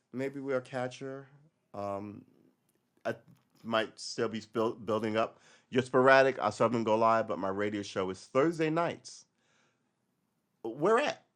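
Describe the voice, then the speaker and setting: A man with a mid-range, slightly bright voice hosts a loose live podcast, ranting in a wry, rambling way. He keeps drifting into tangents and addresses his listeners as he goes.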